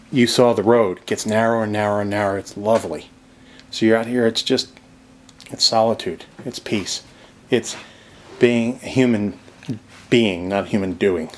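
This lowish male voice comes with a little hiss or hum on the recording. It belongs to a real estate vlogger on a casual, excited walkthrough of a creekside cabin, talking to the viewer outdoors and whispering softly inside the log cabin.

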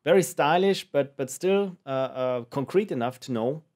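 A man's voice: on the high side, expressive, normal speed, darkish tone. A man hosting a let's play, joking playfully and thinking aloud as he tries out a game. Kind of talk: game commentary.

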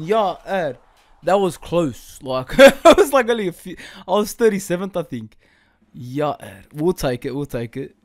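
A young man giving casual gaming commentary, swearing a lot, laughing often and yelling now and then. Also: fairly high pitch. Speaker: gaming YouTuber.

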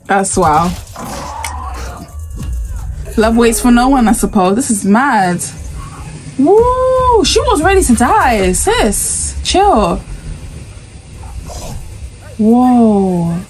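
A woman with a husky voice, talking casually in a gaming reaction vlog and breaking into excited exclamations before rambling on. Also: fairly high pitch, very slow, pauses often, faint music behind. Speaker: gaming YouTuber.

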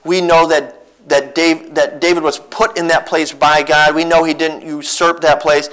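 Man, missionary preacher, sermon in a church, earnest storytelling, slightly high pitch. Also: moderate pace, poor audio. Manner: earnest, animated storytelling with frequent restarts. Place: church sanctuary.

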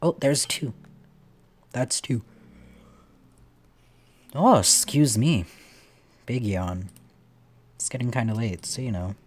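A man's voice: lowish voice, measured pace, long pauses, a little mellow. A man giving playful let's play commentary on a puzzle game, swearing casually and chatting to the characters on screen. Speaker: gamer playing a puzzle game.

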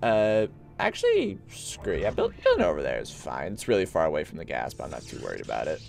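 Faint music plays behind a man with an extremely low, gravelly voice who talks quickly while streaming a strategy game. Giggly and excitable, he jokes and barks orders at his units in playful mock belligerence as live gameplay commentary.

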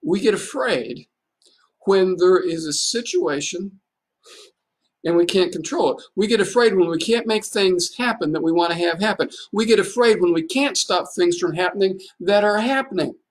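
A man's voice: high-pitched, lively intonation, moderate pace. Man preaching with rhetorical questions. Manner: conversational and folksy. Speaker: pastor. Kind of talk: livestreamed sermon.

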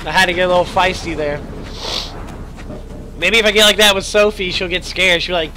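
A man doing casual let's play commentary, excitable, joking and swearing a lot. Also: sits high, brisk, pauses often, slight background noise. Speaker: gamer.

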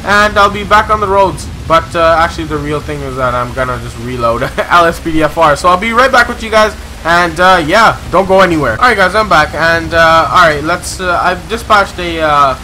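An excitable young man gives let's-play commentary and slips into police radio role-play. His voice sits high and rings very bright. He rambles with plenty of fillers and shouts in surprise when the action turns. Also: slight background noise, low-quality recording. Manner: excitable, exclaims loudly when startled; rambling, many filler pauses. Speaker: gaming channel host.

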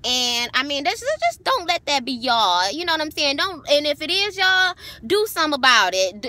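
A woman's voice: sits high, animated, moderate pace, bright, forceful tone, no room sound. A woman, talking straight to camera in a casual vlog, blunt and profane, telling her story with lots of animation. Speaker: vlogger.

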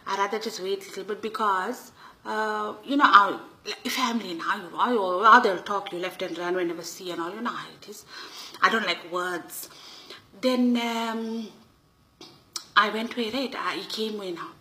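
Bright gossipy Durban auntie woman. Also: mid-range voice, moderate pace, low-quality recording. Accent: South African Indian English, Durban. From Durban, South Africa. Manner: gossipy, animated auntie voice with broken English. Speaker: comedic storyteller. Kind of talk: comic monologue in character.

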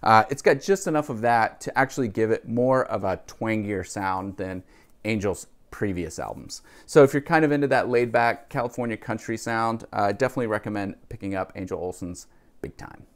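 Speaking at normal speed in a lowish voice, a man rambles through a casual music haul vlog, describing records he bought with plenty of asides and fillers. He's a vlogger and record collector.

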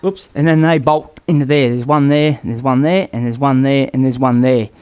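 A man shows off his motorbike project in his workshop, talking loosely and pointing things out as he goes. His voice sits at an ordinary middle pitch. He keeps checking in with the viewer in a casual, unscripted way. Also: fairly even intonation, moderate pace, darkish tone, smooth. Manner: rambling, hands-on, addresses viewers with "all right?". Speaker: motorbike build vlogger. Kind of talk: casual workshop how-to talk.

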